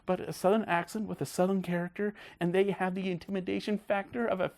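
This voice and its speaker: A man hosting a casual film review video, talking in a gushing, excited way. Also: sits high, quick pace, creaky, hardly any pauses.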